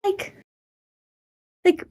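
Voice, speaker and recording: A woman's voice: very slow, warm tone. A woman playing a tabletop game, chatting casually and hesitantly with many fillers. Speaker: player. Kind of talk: casual chat.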